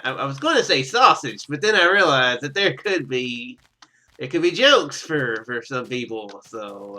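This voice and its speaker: A man talks casually over a video game in an unhurried, rambling way. His voice is bright and forward, and he stammers and cuts himself off with chuckles. He records through a simple webcam microphone. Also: medium pitch. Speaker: gaming YouTuber. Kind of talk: rambling casual gameplay commentary.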